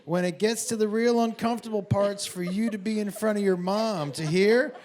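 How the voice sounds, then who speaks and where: A middle-aged man doing stand-up comedy, telling stories in a brash, profane, animated way on a comedy club stage. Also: high-pitched, normal speed. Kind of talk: stand-up storytelling. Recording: live show with roaring crowd.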